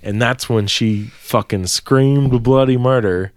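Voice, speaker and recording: A man's voice: mid-range voice, slow pace, no echo, studio quality. Profane, rambling man telling a story. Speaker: podcast co-host. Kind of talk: casual storytelling.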